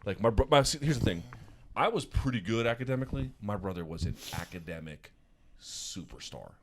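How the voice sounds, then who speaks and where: A man co-hosting a podcast in casual chat, telling stories in an animated, profane way from a hotel room. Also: on the low side, fairly quick, slight background noise. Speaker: podcast co-host.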